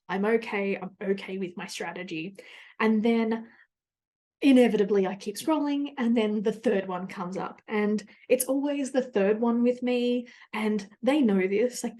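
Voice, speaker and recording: A woman's voice: mid-range voice, dark tone. A woman with an Australian accent, a podcast host, telling a personal story in a chatty, rambling way, full of tangents and acted-out quotes of her own thoughts.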